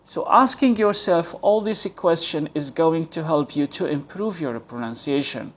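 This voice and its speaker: A man teaches English pronunciation at an unhurried, careful pace. His voice sits somewhat high for a man. He repeats key points and sounds out example words slowly. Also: lively intonation. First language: Arabic. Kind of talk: slow, deliberate pronunciation lesson.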